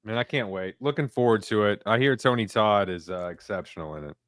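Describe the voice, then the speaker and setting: A man co-hosting a casual live stream, jokey and quick to swear or apologize. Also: on the low side, no echo, studio quality.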